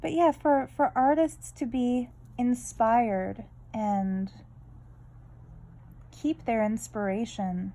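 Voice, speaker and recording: A woman's voice: on the high side, fairly even intonation, slow pace, dark tone, low-quality recording. A woman vlogging about her art, chatting in a rambling, candid way full of tangents while she draws. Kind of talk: casual draw-along chat.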